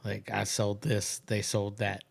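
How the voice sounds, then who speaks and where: A man's voice: on the low side, flat delivery, a little slow, vocal fry, slightly rough, dry recording. Male podcast co-host, casual and profane, dry close sound. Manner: profane, laughs while telling stories. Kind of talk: casual chat.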